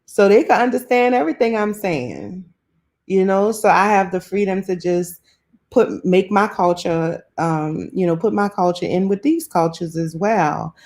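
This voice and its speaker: Her voice sits in the middle range with a darkish color, and she keeps a measured pace. She's a woman from New Orleans, accent intact, casually reading comments and frequently laughing with viewers on a live stream at her home in South Florida.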